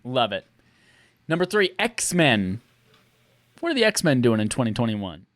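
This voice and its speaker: A man's voice: mid-range voice, big pitch swings, a little slow, fairly bright tone, no room sound. A man co-hosting a podcast, chatting casually and jokily, acting out little quotes in silly voices. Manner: jokey, acts out quotes in put-on voices. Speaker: podcast co-host. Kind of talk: casual chat.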